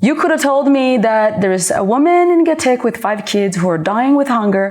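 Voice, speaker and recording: A middle-aged woman, a podcast guest telling her story in an emphatic, expressive way and slipping in words. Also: on the high side, normal speed. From Rwanda. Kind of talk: casual chat.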